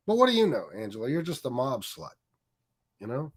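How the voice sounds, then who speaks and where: A man's voice: mid-range voice, sing-song, fairly quick, breathy edge. A man hosting a live stream, ranting angrily with frequent profanity and mocking asides. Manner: angry, profane and mocking, with many fillers. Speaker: streamer host.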